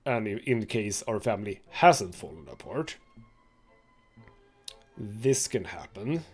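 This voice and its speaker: A man's voice: lowish voice, sing-song, slow pace, breathy edge, faint music behind. A man hosting a let's play, reading a story game's text aloud with chatty asides and laughs. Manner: chatty asides with laughs between read passages. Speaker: gaming channel host.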